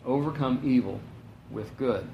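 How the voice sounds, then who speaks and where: A man's voice: medium pitch, a little slow, vocal fry, highs cut off, slight background noise. A man giving a conversational sermon, reading scripture and telling stories with casual asides. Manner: conversational, storytelling with asides and chuckles. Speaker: pastor. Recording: echoey room.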